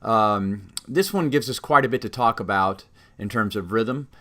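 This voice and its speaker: A man's voice: lowish voice, moderate pace, sharp tone. A man teaching trumpet students about rhythm, explaining carefully and singing rhythm examples on "da". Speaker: music teacher. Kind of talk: instructional talk with sung rhythm examples.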